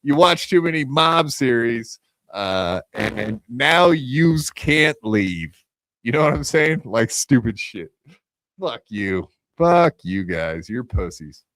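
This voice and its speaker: Profane ranting podcast host, dry close sound. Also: male voice, medium pitch, sing-song, takes it slowly, a bit bright, no echo. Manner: profane, taunting rant delivery. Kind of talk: casual live podcast talk.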